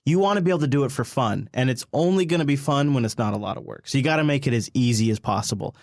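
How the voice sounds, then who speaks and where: A man's voice: mid-range voice, animated, very fast, creaky, dry recording, clean studio sound. Earnest man giving plain advice. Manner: earnest, reflective, occasional swearing. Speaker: podcast co-host. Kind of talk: casual chat, giving advice.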